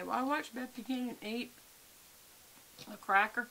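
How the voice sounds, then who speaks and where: A woman's voice: fairly high pitch, normal speed, creaky, bright, forceful tone, slight background noise. A woman, chatting casually and rambling to her viewers at home, calling them y'all. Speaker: vlogger. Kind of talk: casual chat to camera.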